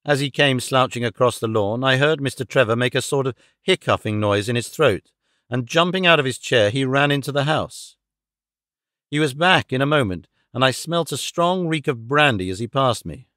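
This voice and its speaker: A man narrates a classic audiobook in a measured, formal way, steady and even. His voice sits in the middle range. The recording is dry and close, with no room sound. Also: medium pitch, no room sound.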